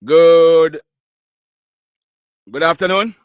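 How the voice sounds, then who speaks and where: A man's voice: on the high side, fairly even intonation, drawn-out words, smooth, dry recording. A Jamaican man hosting a live call-in news show, chatting in a mix of patois and English and laughing often. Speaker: live news show host taking callers. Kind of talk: casual call-in chat.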